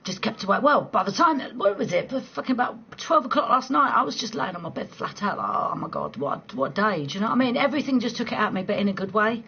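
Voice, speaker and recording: A woman's voice: a little high, animated, quick pace, hardly any pauses, pushed and bright, slightly rough. A woman in her forties hosting a casual late-night chat with viewers, laughing often, swearing freely and rambling through restarts. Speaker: live stream host chatting with viewers. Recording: dull lo-fi stream audio with faint noise.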